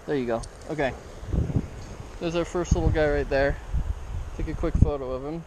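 A man vlogging while fishing a river, talking excitedly to viewers and the fish on an action camera. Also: fairly high pitch, moderate pace, pauses often. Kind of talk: excited outdoor fishing commentary. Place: outdoors by a river. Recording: noisy outdoor camera audio. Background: river water and wind.

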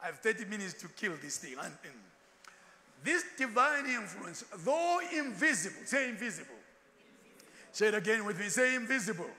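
A man preaches with a high, lively voice that swings widely in pitch. His tone is bright and forceful. The long echo of a large church hall trails behind his words. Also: normal speed. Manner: animated, switching into Ndebele asides and acted quotes. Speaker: pastor. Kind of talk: sermon.

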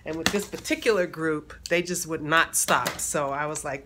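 A woman, excitedly chatting to her viewers, laughing and calling them y'all. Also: low voice, normal speed, hardly any pauses. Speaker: playwright unboxing a project deck. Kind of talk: casual vlog talk. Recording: background noise.

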